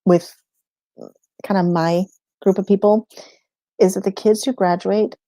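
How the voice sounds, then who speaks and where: A woman's voice: mid-range voice, fairly even intonation, a little slow, dark tone, dry recording. A woman in a casual livestream chat, answering viewer questions about homeschooling, rambling and laughing often mid-sentence.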